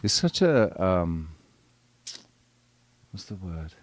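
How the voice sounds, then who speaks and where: A man's voice: deep voice, very animated, very slow, a little hiss or hum. A man hosting a casual live panel chat, rambling, crude and joking. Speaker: live show host.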